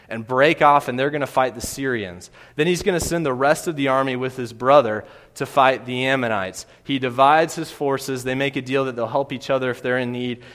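Male preacher, mid pitch, earnest emphatic delivery, recorded with long hall reverb. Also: a bit bright. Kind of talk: sermon.

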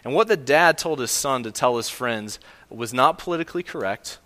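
A man's voice: medium pitch, expressive, normal speed, bright, forceful tone, big-room sound. A man preaching a sermon to a congregation, earnest and emphatic, with frequent fillers and restarts. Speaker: pastor.

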